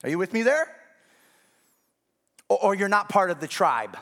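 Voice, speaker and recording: A man's voice: high-pitched, big pitch swings, moderate pace, a bit bright. A man preaching a sermon as pastor, speaking conversationally and often checking whether the congregation is following.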